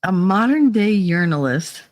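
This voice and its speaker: A woman's voice: medium pitch, sing-song, measured pace, no room sound. Middle-aged woman streamer, playful, teasing, laughing often, dry close mic. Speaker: livestream host. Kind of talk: casual chat with live chat.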